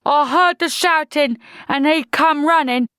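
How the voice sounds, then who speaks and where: A woman voicing a blunt, plodding female troll soldier with rough, plain speech. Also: high-pitched, a little slow, sharp tone, dry recording, clean studio sound, voice pushed up. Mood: grumbling.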